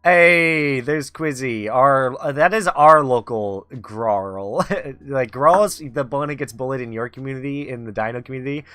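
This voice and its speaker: A man's voice: mid-range voice, moderate pace, pushed and bright, clear, resonant tone, no room sound. A man hosting a casual talk show, teasing his guest and laughing often. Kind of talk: casual chat. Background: faint background music.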